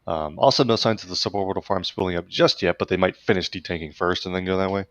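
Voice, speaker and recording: A man's voice: low-pitched, fast, no echo. A man hosting a live space broadcast, casually answering viewer questions and thinking aloud with fillers. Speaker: livestream host.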